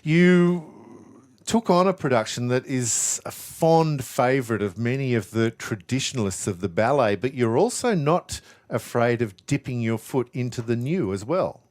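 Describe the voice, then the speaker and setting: A man's voice: medium pitch, lively intonation, normal speed, darkish tone. A man hosting a radio show in a studio. He talks conversationally, with small stumbles, and reads the traffic. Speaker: radio host.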